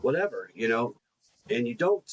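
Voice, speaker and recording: A man's voice: mid-range voice, very animated, normal speed, breathy edge, muffled recording. A man co-hosting a coaching podcast, talking earnestly in a casual conversation and often repeating words as he builds a point.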